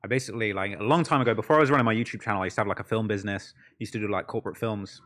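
A man's voice: on the low side, rapid-fire, fairly bright tone. A young British man from the UK, a YouTube creator chatting casually as a podcast guest, slangy and full of fillers. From United Kingdom. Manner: slangy, lots of fillers like "like" and "bro".

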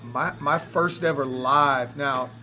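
A man in his forties from South Florida, a radio host telling stories in animated, profane sports talk that swings up to shouting. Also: medium pitch, takes it slowly, soft background music. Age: 40s.

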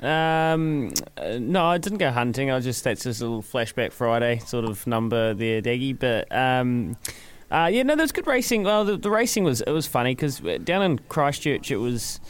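A man, co-hosting a casual sports podcast with lively, jokey banter. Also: medium pitch, moderate pace, clean tone. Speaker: podcast co-host.

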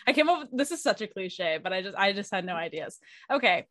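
A young woman reads a story aloud in a casual, chatty way, with some giggles along the way. Her voice sits at a middle pitch. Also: very animated, quick pace, fairly bright tone, no echo, studio quality. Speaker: fanfic reader.

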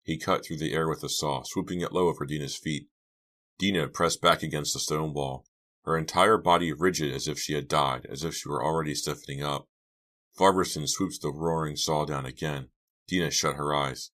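Man, audiobook narrator, extremely deep voice, steady tense storytelling. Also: normal speed. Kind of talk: scripted narration.

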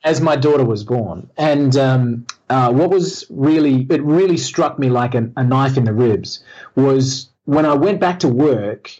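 A man's voice: mid-range voice, unhurried, darkish tone, slightly rough. A man, a guest in a casual interview, telling his story candidly with self-deprecating humor and many restarts. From Australia. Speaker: guest entrepreneur. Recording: slightly muffled lo-fi audio.

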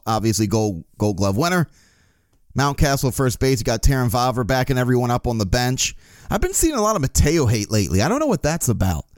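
A man's voice: mid-range voice, clean tone, no room sound, studio quality. A man hosting a casual sports podcast, opinionated and profane, who gets worked up as he talks. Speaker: podcast host.

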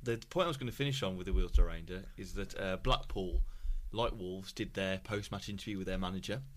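A man co-hosting a casual football podcast, relaxed and rambling, fond of odd trivia. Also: deep voice, fairly quick. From England. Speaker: podcast co-host.

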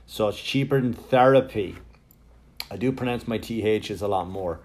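This is a middle-aged man from Ireland whose Wexford accent has softened around the edges. His voice sits a touch low. He hosts his own podcast in a loose, self-mocking ramble full of "like" and "right?". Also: moderate pace. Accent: Wexford Irish, softened. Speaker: podcast host. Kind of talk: casual solo podcast monologue.

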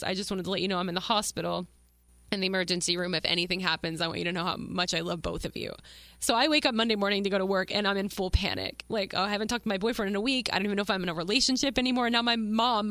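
Bright-voiced woman telling a candid story. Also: medium pitch, dry recording. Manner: emotional, candid, swears, many fillers. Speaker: podcast host. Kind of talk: personal storytelling monologue.

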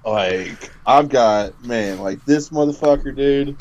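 A man's voice: medium pitch, slow pace, a little mellow, muffled recording. A man co-hosting a wrestling podcast, jumping in with joking, profane remarks. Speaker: podcast co-host. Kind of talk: casual wrestling chat.

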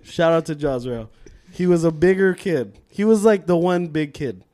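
A young man co-hosting a casual podcast, telling stories in an animated, laughing way with plenty of swearing. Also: fairly high pitch, normal speed. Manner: animated storyteller, laughs often, swears freely. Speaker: podcast co-host. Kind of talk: casual chat.

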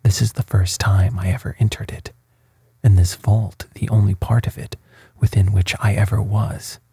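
A calm, bold young peasant from a gothic storybook, read by a male narrator. The voice is low, very breathy and mellow, with little rise and fall. It sounds close and dry. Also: no room sound. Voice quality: hushed, breathy. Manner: slow, even storybook delivery.

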